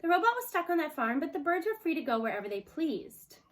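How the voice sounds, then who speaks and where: A woman reading a children's novel aloud expressively, slowing for chapter titles. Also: very high voice, very animated. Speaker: storyteller.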